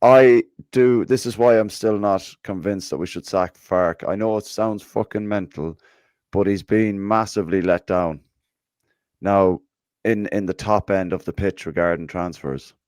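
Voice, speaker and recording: A man with a low voice hosts a football fan podcast, chatting loosely and swearing as he goes. His sound is close and dry, with no room around it. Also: a little slow, a little mellow, no echo. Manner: swears freely, reads listener comments aloud. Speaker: podcast host. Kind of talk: casual podcast chat.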